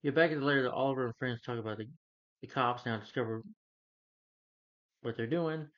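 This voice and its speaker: A video creator recaps a TV season casually, rambling through scenes and retelling dialogue with lots of "he's like" and "you know." He has a mid-range voice, talks a little fast, and the lo-fi recording sounds slightly dull.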